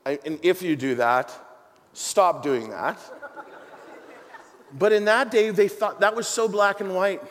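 Middle-aged guy preaching, high voice, jokey storyteller, big echoey hall. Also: unhurried, long pauses, some chatter behind. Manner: animated, joking storyteller with self-deprecating asides. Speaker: pastor. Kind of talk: sermon. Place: church hall with congregation. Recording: long hall reverb.

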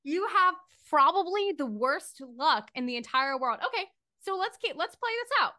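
Bright, giggly woman game master. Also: sits high, normal speed. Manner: animated, giggly storytelling. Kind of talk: narrating a tabletop horror game.

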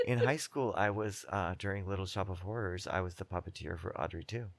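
A woman's voice: extremely low pitch, fairly quick. A woman co-hosting a podcast, chatting casually and wryly as she comments on a film, laughing often. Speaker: podcast co-host. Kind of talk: casual movie commentary chat.

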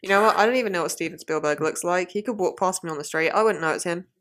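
A woman's voice: fairly low pitch, rapid-fire, a bit bright. A woman hosting a podcast, teasing and exasperated as she quizzes her co-host. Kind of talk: comic podcast banter.

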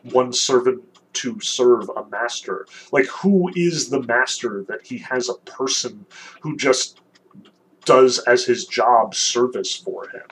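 A man giving a literature lecture, reading passages aloud with animated, emphatic delivery and casual fillers. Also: medium pitch, breathy edge, low-quality recording. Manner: fillers and restarts, conversational.

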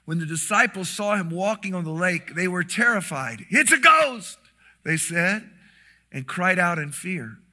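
A middle-aged man preaching a sermon, telling a story with lively animation and acting out the quoted lines. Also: sits high, normal speed. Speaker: pastor.

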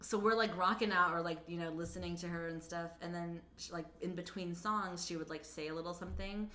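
An animated woman co-hosting a podcast, filling her talk with "like". Her voice is bright and forceful, and the room around her echoes. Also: fairly low pitch, a little fast, a little hiss or hum. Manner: animated, heavy use of "like". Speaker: podcast co-host. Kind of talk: casual chat.

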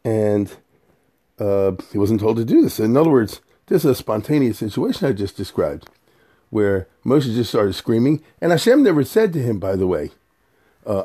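A man's voice: on the low side, big pitch swings, normal speed, warm tone, breathy edge. A middle-aged man giving an informal scripture lesson, explaining Hebrew verses in plain English in a conversational way. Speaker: Torah teacher.

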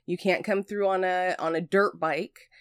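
Low-voiced woman podcast co-host. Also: steady tone, a little slow, clean tone, no echo, clean studio sound. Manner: chatty, laughs easily, tells anecdotes. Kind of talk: casual podcast chat.

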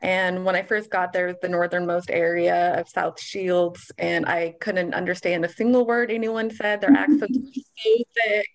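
A woman's voice: on the low side, fairly even intonation, moderate pace, few pauses. Chatty woman telling a rambling story. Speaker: guest recalling her past. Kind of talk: casual group chat.

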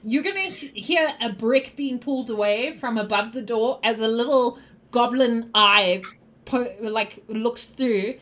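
A woman's voice: a little high, measured pace, a bit bright. A woman narrating as game master in a tabletop game, loose and giggly, rambling through descriptions.

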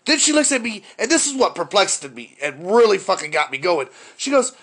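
A man's voice: high-pitched, very animated, fairly quick, hardly any pauses, fairly bright tone. A man telling a profane, exasperated story about his day in casual chat.

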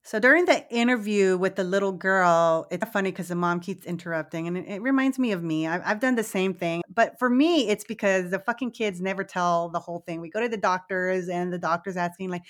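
A woman co-hosting a podcast, recapping a movie in a casual, animated way, swearing freely and laughing easily. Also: lowish voice, brisk, few pauses. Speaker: podcast co-host.

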